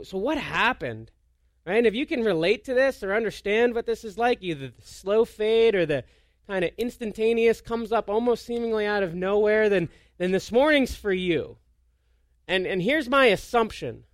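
A man preaching a conversational sermon as a pastor. He tells self-deprecating stories in an animated way and often restarts his sentences. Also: high voice, dry recording, studio quality. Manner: storytelling with frequent restarts.

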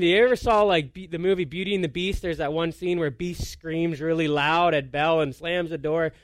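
A man preaching a conversational sermon as a pastor. He tells self-deprecating stories in an animated way and often restarts his sentences. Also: fairly high pitch, no echo, studio quality. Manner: storytelling with frequent restarts.

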